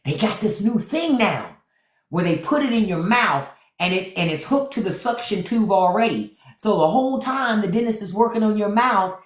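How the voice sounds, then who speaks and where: A woman hosting a casual livestream from home, telling playful stories with excited outbursts, speaking. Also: mid-range voice, normal speed, roomy sound. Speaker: livestream host.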